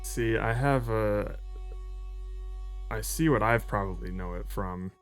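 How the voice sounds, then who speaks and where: A man's voice: on the low side, takes it slowly, faint music behind. A man streaming with friends, telling a rambling story in casual chat and laughing often.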